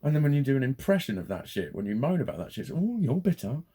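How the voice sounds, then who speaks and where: A man's voice: medium pitch, sing-song, very fast, dark tone. A man, ranting casually to camera, sweary and rambling, getting heated. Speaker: vlogger.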